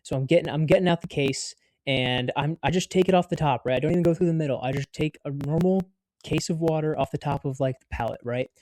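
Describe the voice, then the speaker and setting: A man's voice: a little high, fast, a little mellow, dry recording. An American man in his twenties telling a story to camera in a rambling, casual way, full of "like" and swearing. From United States. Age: 20s. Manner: rambling, heavy use of filler "like", swears freely. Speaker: vlogger.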